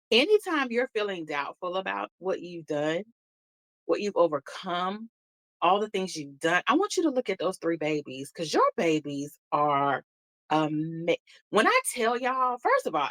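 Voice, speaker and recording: A woman co-hosts a podcast and speaks with a very lively, swooping pitch. She cheers her friend on and acts out quotes in other people's voices. The sound is dry, with no room echo. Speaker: podcast co-host. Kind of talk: casual chat.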